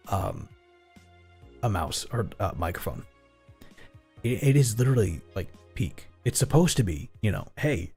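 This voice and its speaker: A man's voice: fairly low pitch, darkish tone, husky. A man streaming, chatting casually in a rambling, profane way. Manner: rambling, profane, acts out both sides of imagined exchanges.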